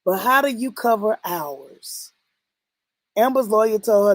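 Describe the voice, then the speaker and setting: A woman hosting a casual livestream, reacting to a skit and quizzing her viewers with lively exclamations. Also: mid-range voice, measured pace, no room sound. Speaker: livestream host reacting to skits. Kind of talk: casual reaction stream chat.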